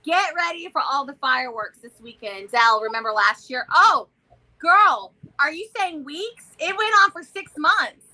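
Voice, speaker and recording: A woman with a Southern American accent, co-hosting a casual vlog chat in an animated, chatty way. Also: sits high, measured pace, poor audio. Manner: animated, chatty, loud exclamations and laughs. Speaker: vlog co-host.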